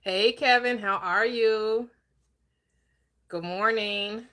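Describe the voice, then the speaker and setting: An upbeat woman hosts a live-streamed book club at a steady middle pitch. She greets people in quick repeated bursts and keeps the talk lively and friendly. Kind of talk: live-stream chat and discussion.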